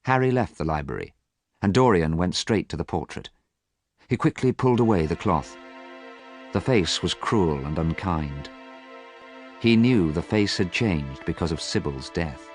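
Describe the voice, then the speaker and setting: A man narrating a simple storybook in a calm, measured and clear way. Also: low voice, faint music behind. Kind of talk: graded reader audiobook narration.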